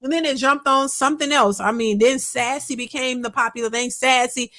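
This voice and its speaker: Rambling woman on a livestream, kinda high voice, chatting to y'all. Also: moderate pace, hardly any pauses, fairly bright tone. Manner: rambling, talks to viewers as y'all, reads super chats. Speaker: reaction channel host. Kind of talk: casual livestream chat.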